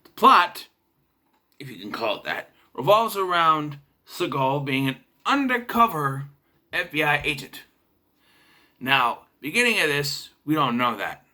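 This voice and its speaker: Bright, animated young movie reviewer. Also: male voice, a little high, measured pace. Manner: chatty, sarcastic, clears throat. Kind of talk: casual video review.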